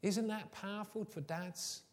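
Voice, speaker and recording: A pastor delivers a sermon with a fairly high voice that echoes through a large church hall. He tells stories warmly and shifts between hushed, low passages and loud, emphatic lines. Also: fairly even intonation, unhurried. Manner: warm storytelling, swings from soft and low to loud and emphatic. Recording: long hall reverb.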